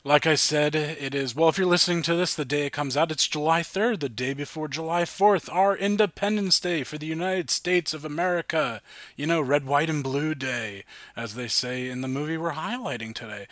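A man's voice: on the high side, moderate pace, a bit bright, no echo. Rambling upbeat male podcast host. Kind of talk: casual podcast chat.

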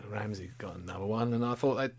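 A man's voice: on the low side, fast talker, crowd noise. A man co-hosting a casual football fan chat, giving blunt, opinionated match analysis with wry humour. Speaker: football fan podcast co-host.

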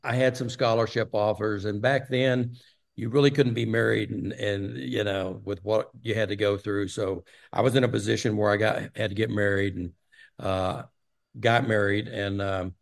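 A man's voice: lowish voice, steady tone, moderate pace, gravelly. An older man from Texas, a guest in an interview, telling long stories with many fillers. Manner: rambling storyteller with many fillers. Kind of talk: casual storytelling interview.

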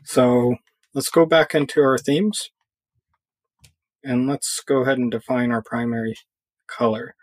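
A man giving a casual screen-recorded software tutorial, thinking aloud with fillers as he clicks through. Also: medium pitch, steady tone, a little slow, pauses often, no echo.

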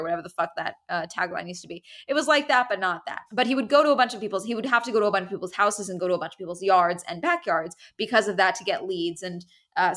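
Young woman host, bright ringing voice, rambling casual storyteller, cusses a lot. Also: medium pitch. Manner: rambling, swears freely, self-interrupting. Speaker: podcast host.

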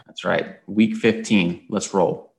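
A man with a low, gravelly voice co-hosts a sports podcast. He sounds tired from an early start. His chatty, rambling talk wanders and restarts. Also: steady tone, slow. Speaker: podcast co-host. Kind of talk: casual sports podcast chat.

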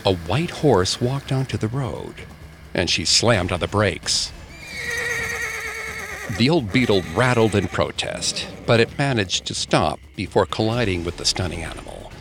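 A man with a lowish voice tells an eerie tale, his pitch rising and falling freely as he builds tension. Soft music plays faintly under his scripted narration. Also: gravelly. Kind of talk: scripted spooky storytelling.

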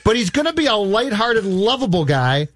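High-voiced man, incredulous film chat. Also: normal speed, a little hiss or hum. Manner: incredulous, animated retelling. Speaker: podcast co-host. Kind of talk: casual film discussion.

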